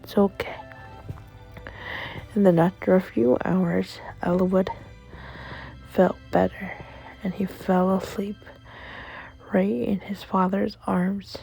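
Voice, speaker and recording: A woman gently telling a bedtime story in a hushed, whispered style. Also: medium pitch, little pitch movement, slow pace, gravelly, long pauses, faint music behind, poor audio.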